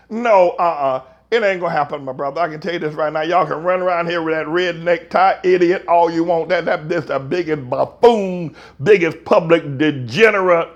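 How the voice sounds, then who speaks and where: A pastor in a heated, folksy preaching rant, swinging from shouts down to mutters. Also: male voice, high-pitched, gravelly. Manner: folksy, slangy.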